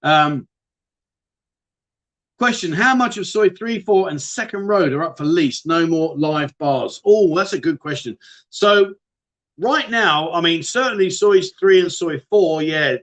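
A man's voice: a little high, animated, measured pace, fairly bright tone. A man with a British accent hosting a casual livestream, reading out viewer questions and answering in a chatty, matey way. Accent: British English. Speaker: livestream host.

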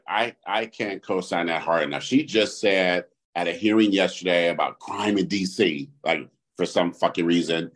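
A man co-hosting a casual podcast, telling animated, profane stories with sudden jumps in pitch. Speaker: podcast co-host.

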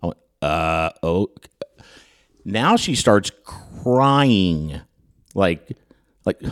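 Host, male, very low voice, animated raconteur, stumbles and restarts as he acts out quotes. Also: drawn-out words. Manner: animated storyteller who acts out quotes, with frequent stammered restarts. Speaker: podcast host. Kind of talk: storytelling anecdote in casual chat.

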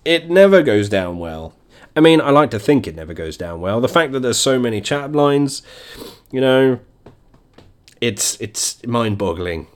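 A man's voice: mid-range voice, animated, a little slow. A young man hosting a casual comedy video, laughing through his sentences and swearing freely. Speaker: video host.

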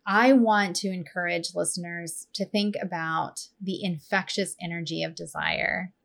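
A woman in her thirties hosting a podcast, chatting casually and telling stories with animated, playful touches. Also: lowish voice, unhurried, creaky. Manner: warm, animated storytelling with playful voices. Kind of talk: casual conversation.

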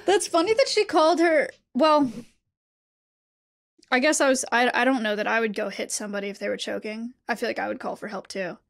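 Halting young woman co-host, higher pitch. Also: creaky. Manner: halting, repeats words while thinking aloud. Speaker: podcast co-host. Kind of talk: casual chat.

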